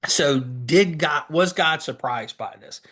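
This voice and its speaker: An earnest pastor preaches a sermon, reading scripture aloud, stopping to explain it, and asking questions he answers himself. His voice is a little high and bright, and he speaks slowly with a forceful tone.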